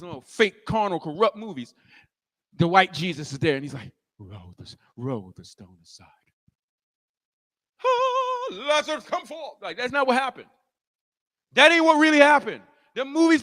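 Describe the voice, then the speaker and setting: A man preaching a sermon as pastor, telling the story in animated fashion, acting out the scene and rising to shouts. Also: extremely high pitch, big-room sound.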